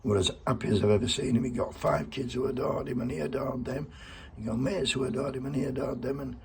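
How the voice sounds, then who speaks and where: A man's voice: medium pitch, brisk, creaky, darkish tone, a little hiss or hum. A middle-aged man giving a blunt, heartfelt spoken tribute and swearing freely.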